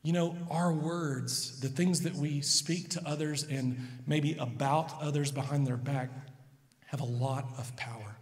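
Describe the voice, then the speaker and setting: A man in his thirties preaching a sermon, telling family stories and swinging between soft and loud emphasis. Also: fairly high pitch, steady tone, measured pace, in a large hall. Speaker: pastor.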